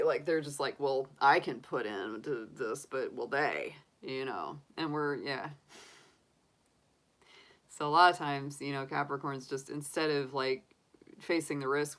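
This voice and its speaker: A woman with a low voice chats loosely with her live audience, laughing often as she talks. She sounds middle-aged and relaxed, like a reader answering comments as they come in. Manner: chatty, laughs often, talks through her own reactions. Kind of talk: casual livestream chat.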